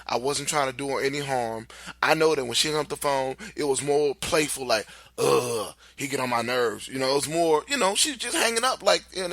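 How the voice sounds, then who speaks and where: A middle-aged man talks straight into a close podcast mic in a casual monologue. His voice is bright and forward, recorded dry with no room sound, and he keeps checking in with "right?" as he goes. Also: mid-range voice, no room sound. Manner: conversational, repeats "right?", restarts words. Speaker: podcast host and relationship coach.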